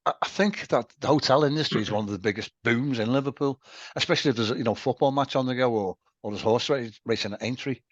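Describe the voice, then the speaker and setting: A man's voice: mid-range voice, fast talker, dry recording. A man hosting a casual interview, asking questions and giving short encouraging replies. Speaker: interview host. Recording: dry dull lo-fi audio.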